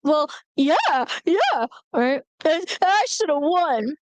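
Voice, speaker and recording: A woman's voice: sits high, fairly quick, dry recording, voice pushed up. A woman putting on the voice of her whiny, carefree adult sister, pleading and indignant.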